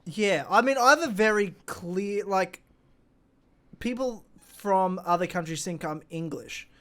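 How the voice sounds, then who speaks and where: High-voiced clear-spoken Australian man. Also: unhurried. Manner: speaks very clearly, animated. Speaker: podcast co-host. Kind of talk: casual chat.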